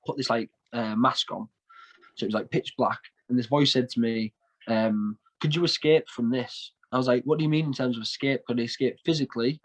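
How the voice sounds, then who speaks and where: A man's voice: mid-range voice, poor audio. A man in his twenties with a North East English accent, telling his story in a casual interview, rambling with lots of fillers and repeated words. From north east England. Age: 20s. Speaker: guest, shamanic practitioner.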